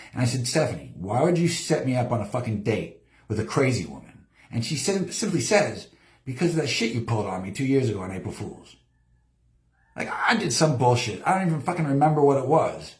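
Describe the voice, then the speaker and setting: A man rambling through a story on his own live show, cursing constantly and acting out the other people's lines. His voice swings up and down a lot as he tells it. The sound is roomy, with a clear echo around him. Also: mid-range voice, fairly quick. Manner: heavy swearing, lively storytelling, acts out quotes. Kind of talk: profane rambling live-stream monologue. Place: home studio.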